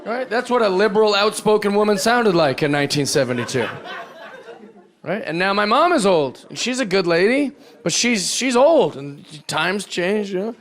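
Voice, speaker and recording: A brash, profane male comic working a live room, his voice sitting unusually high for a man. He talks with animated energy and keeps slipping into mocking voices. Faint audience laughter rises behind him. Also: moderate pace, a faint crowd. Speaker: stand-up comedian. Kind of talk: stand-up comedy set. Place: comedy stage before a live audience.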